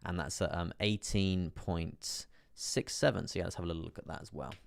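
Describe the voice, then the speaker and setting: Young guy live streaming, deep gravelly voice, chatty and loose, lots of "guys" and "um". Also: brisk. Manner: casual, chatty, full of fillers and "guys". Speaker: crypto trading streamer.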